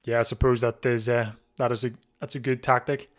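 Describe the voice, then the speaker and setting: In a mid-range voice with little pitch movement, a male live stream host casually chats his way through a bike race watch-along. He yawns sleepily, keeps restarting his thoughts aloud, and laughs easily.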